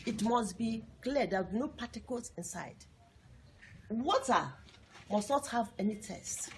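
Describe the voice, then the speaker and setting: A woman's voice: a little high, animated, a little slow, slight background noise. A woman teaching a lesson to young pupils, repeating points emphatically and asking the class questions.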